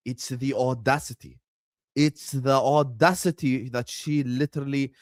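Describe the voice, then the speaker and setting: A man hosting a football watchalong livestream, excitedly chanting and urging viewers to subscribe. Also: on the high side, unhurried, no room sound, clean studio sound. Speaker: livestream host. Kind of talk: hyped watchalong livestream chat.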